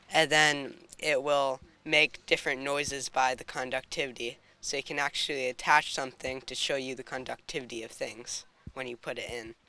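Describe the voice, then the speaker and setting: A man's voice: mid-range voice, pushed and bright, smooth. A man guest explaining, step by step, a small device he built, in a plain and slightly hesitant way. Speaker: guest, young inventor. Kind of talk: casual explanation.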